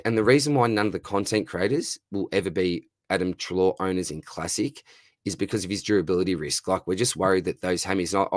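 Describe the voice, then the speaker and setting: Hoarse Australian man, matey. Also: low voice, no room sound, studio quality. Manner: matey, chummy, calls everyone mate and brother. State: hoarse, losing his voice. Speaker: livestream host answering viewer questions. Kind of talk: casual livestream Q&A.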